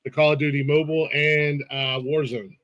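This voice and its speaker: A podcast host runs a casual live-stream interview in a slightly high, level, somewhat bright voice at normal speed. The lo-fi recording has no echo. He's laid-back and laughs a lot, restarting sentences and using plenty of fillers.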